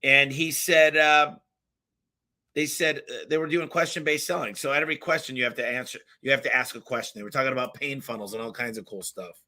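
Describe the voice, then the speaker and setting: A man hosting a live question-and-answer stream, giving blunt, emphatic business advice and acting out little customer stories. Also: mid-range voice. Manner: energetic, emphatic, blunt, with acted-out customer quotes; talks fast by his own account.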